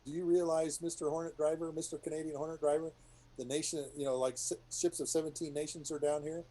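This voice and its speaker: A man's voice: fairly high pitch, little pitch movement, quick pace, warm tone, pitched above the performer's own voice, close to an everyday voice, low-quality recording. A man voicing an alarmed male navy ship radio operator, urgent and repetitive with a mock-formal tone.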